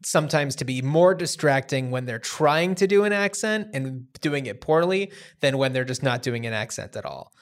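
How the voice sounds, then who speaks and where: A man co-hosting a podcast, chatting about films in a relaxed way and hedging with fillers. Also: mid-range voice, moderate pace, hardly any pauses. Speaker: podcast co-host. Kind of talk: casual film discussion.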